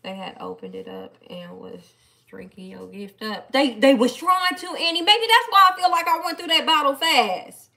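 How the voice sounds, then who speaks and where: A woman chatting casually on a live stream, playful and animated as she talks back to her viewers. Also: sits high, normal speed. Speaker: live-stream host reading viewer comments.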